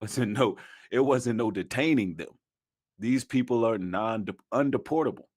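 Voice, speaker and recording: A man's voice: mid-range voice, normal speed, a little mellow, breathy edge. Man hyping in street slang. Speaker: commentator in a played video. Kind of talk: casual video commentary.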